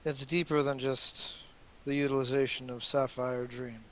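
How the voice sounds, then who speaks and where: A man voicing a reserved blind man who speaks quietly and hesitantly. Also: mid-range voice, flat delivery, moderate pace, slight background noise, lightly acted. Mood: somber.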